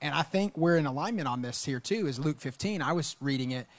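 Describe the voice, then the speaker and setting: A man's voice: a little high, animated, fairly quick, no room sound. A man speaking as a pastor in a conversational sermon on a church stage, enthusiastic and affirming.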